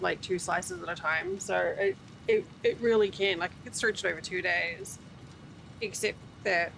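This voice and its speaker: Yawning as she goes, a weary woman plays a game on stream and rambles to chat in a casual, talkative way. She has a medium-pitched voice, and a slight hiss or hum runs under the recording.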